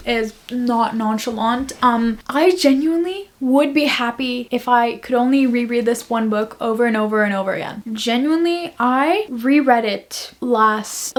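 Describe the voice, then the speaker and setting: A young woman from Canada who gushes and rambles in a casual monthly book recap, full of fillers and restarts. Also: fairly high pitch. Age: young adult. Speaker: book vlogger.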